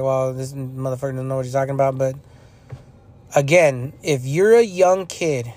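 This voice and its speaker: A young man hosts a podcast, delivering a casual opinion monologue about music in a blunt, profane, repetitive rant. His voice is fairly high and a little mellow.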